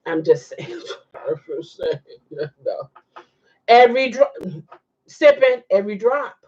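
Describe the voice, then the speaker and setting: A woman's voice: medium pitch, very animated, takes it slowly, a little mellow, highs cut off. A woman hosting a casual livestream, chatting and reacting to viewer comments with frequent laughs. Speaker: livestream host.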